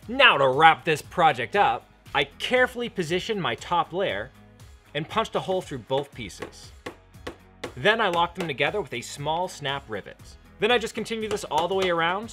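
Young male craft host, enthusiastic and slangy, lively pitch. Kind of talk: narrated leathercraft tutorial.

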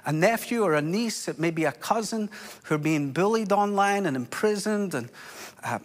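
A Scottish man preaching a sermon as pastor, impassioned, with sudden drops to a hush. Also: sits high, expressive, moderate pace. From Scotland.

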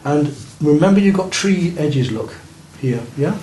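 A man's voice: fairly high pitch, lively intonation, measured pace, dark tone. Man coaching a painting class. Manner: coaching and encouraging, checking on students' work. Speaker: art teacher. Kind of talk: live painting lesson for beginners. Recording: roomy room with faint noise.

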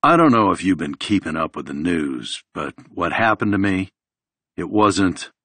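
A man voicing a down-and-out former rock star with a slow Southern drawl. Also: low-pitched, animated, sharp tone, no room sound, heavily acted. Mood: weary.

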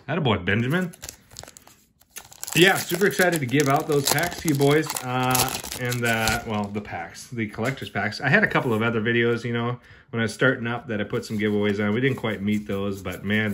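An excitable man hosts his own pack-opening video, chatting loosely with his viewers, cheering at good pulls and ribbing them. Under his voice sits a faint hiss. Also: on the low side, a little fast. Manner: excitable, jokey, talks to viewers as brother and man. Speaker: card-opening channel host. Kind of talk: casual unboxing commentary.

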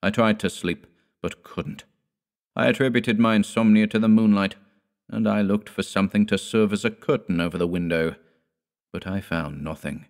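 A man narrating a classic horror tale in a measured, quiet storytelling manner. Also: on the low side, steady tone. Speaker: audiobook narrator.

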